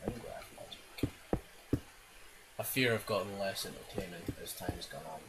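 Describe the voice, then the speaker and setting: A man's voice: sits low, moderate pace. A man rambling and swearing through self-mocking gameplay commentary on a laptop's built-in mic. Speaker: gaming video creator. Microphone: laptop internal mic. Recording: loud hiss, laptop internal mic.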